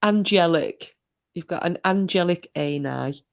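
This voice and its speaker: A woman's voice: fairly low pitch, unhurried, creaky. A middle-aged woman, hosting a casual livestream, reading chat messages aloud and trading cheeky, bawdy banter. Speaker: live stream host reading chat.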